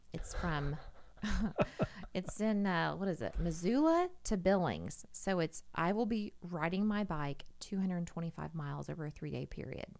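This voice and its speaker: Gravelly low-voiced middle-aged woman. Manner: animated storyteller, swears casually. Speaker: podcast guest. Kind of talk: casual chat.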